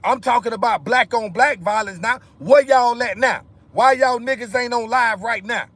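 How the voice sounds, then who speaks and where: A high-pitched man vents on his livestream. He talks heatedly and profanely, circling back to the same phrases again and again. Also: normal speed, a bit bright, no echo. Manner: heated, repetitive, profane ranting. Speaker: livestream host. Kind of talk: angry livestream rant.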